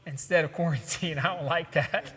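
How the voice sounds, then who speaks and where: A man's voice: fairly high pitch, normal speed, a bit bright, husky. A man hosting a casual podcast, joking and laughing often as he reads memes aloud. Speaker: podcast host. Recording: long hall reverb.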